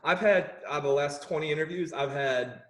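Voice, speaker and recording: A man talking as a musician guest in a casual video-call chat, lively, acting out the people in his stories. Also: a little high, a little fast, reverberant. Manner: animated, acts out quoted people.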